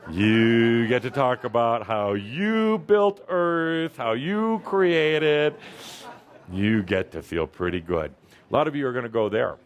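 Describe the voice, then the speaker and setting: A man giving a spiritual talk to a live audience, teasing and emphatic, jumping between loud high bursts and low asides. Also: slow pace. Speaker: spiritual teacher addressing an audience.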